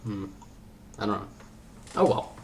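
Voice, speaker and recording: A man's voice: lowish voice, lively intonation, unhurried, vocal fry, a little hiss or hum. Rambling, jokey young male podcast host. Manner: rambling, jokey, self-interrupting. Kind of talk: casual chat.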